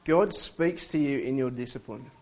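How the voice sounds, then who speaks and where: A man's voice: medium pitch, normal speed. A male pastor, preaching in a conversational way and often restarting his sentences. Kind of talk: sermon.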